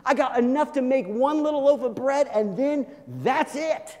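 A man's voice: very high-pitched, moderate pace, darkish tone, big-room sound, pitched above the performer's own voice. A man voicing a desperate poor widow in a sermon retelling, pleading and resigned. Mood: despairing.

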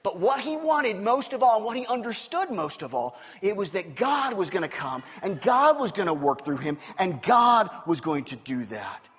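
A pastor delivers an animated sermon, his somewhat high, slightly husky voice carrying long reverb through a large sanctuary. He swings from punchy emphasis to quiet, earnest tones. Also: normal speed, hardly any pauses. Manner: animated preaching, swinging from loud emphasis to low hushed tones.

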